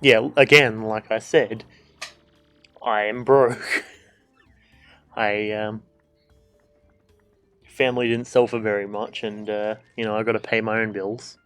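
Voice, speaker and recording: A man's voice: on the low side, level tone, slow, pauses often, fairly bright tone, soft background music. A man streaming a game, chatting casually, joking and swearing, and reading the game's dialogue aloud. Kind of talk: casual gameplay commentary.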